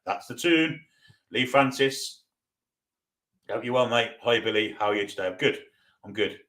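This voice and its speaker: A man from North East England with a Geordie accent runs a live football fan watchalong, chatting casually as he answers viewer comments with banter. He speaks at a normal speed in a medium-pitched, fairly bright voice.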